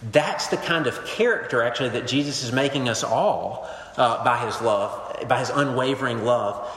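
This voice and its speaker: Male pastor, sermon delivery, mid-pitched voice, roomy echo with a long reverb tail. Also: moderate pace. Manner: animated storytelling, swings between emphatic and hushed. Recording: echoey hall with long reverb.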